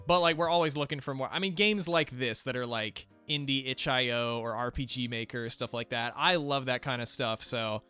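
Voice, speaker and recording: A man's voice: medium pitch, normal speed, hardly any pauses, sharp tone, smooth, faint music behind. A man co-hosting a casual let's play, chatting and reading game lines aloud. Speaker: gaming channel co-host.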